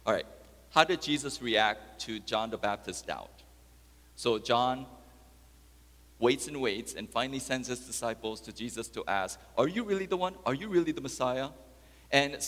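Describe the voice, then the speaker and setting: A man preaching a sermon as pastor, dropping soft and low, then rising to loud, high emphatic peaks. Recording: long hall reverb.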